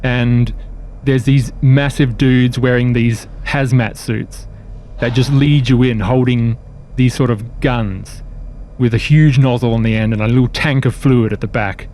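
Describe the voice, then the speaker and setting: A man's voice: medium pitch, steady tone, a little mellow, slight background noise. Man narrating a sci-fi tabletop game. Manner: slow, descriptive scene-setting. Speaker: game master.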